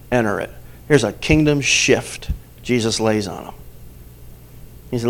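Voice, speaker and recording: A man's voice: medium pitch, moderate pace, pauses often. Man preaching with rising emphasis. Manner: emphatic preaching, asks the congregation questions and swings between loud and soft. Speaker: pastor. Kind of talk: sermon.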